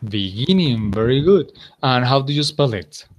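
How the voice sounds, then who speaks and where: A man with a Colombian accent teaching an English class, patient and encouraging, correcting students slowly. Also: medium pitch, expressive, slight background noise.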